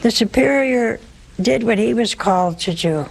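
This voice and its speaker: A woman's voice: on the high side, animated, normal speed, creaky, poor audio. A woman with a sore throat telling an audience the story of a saint, breaking in with homely, humorous asides. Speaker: religious storyteller.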